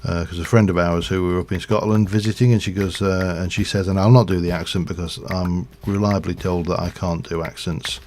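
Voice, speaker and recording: A man's voice: low voice, fairly even intonation, brisk, hardly any pauses, a little mellow, slight background noise. A middle-aged man, chatting in a rambling way while he livestreams a game. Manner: rambling, chatty, with fillers and chuckles. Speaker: live streamer. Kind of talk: casual chat while playing a game.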